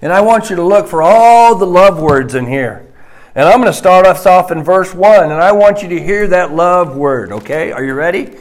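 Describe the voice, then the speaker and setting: A man preaching a sermon slowly and emphatically, dropping to a hushed voice on key points. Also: high voice, expressive.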